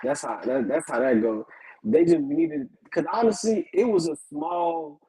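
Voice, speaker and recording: A woman co-hosting a podcast in casual chat, chiming in with quick agreement. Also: low voice, sing-song, gravelly, mellow, breathy edge, rough recording. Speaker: podcast co-host.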